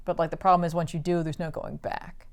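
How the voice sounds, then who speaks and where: Woman co-host, smooth clear voice, animated casual plot recap. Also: deep voice, fast talker. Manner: animated storytelling, acting out quotes in passing. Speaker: podcast co-host recapping a comic. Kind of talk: casual chat.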